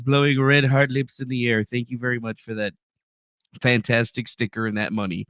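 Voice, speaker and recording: A man's voice: mid-range voice, brisk, a bit bright, dry recording, studio quality. A man hosting a live stream in a loose, rambling way, swearing and reading out viewers' names from the chat. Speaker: livestream host.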